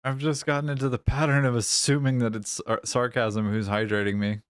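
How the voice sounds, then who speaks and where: A man's voice: medium pitch, little pitch movement, brisk, clean tone, no echo, studio quality. A man streaming a game, chatting casually, joking and swearing freely, speaking English as a second language. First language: not English. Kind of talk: casual live-stream chat while playing.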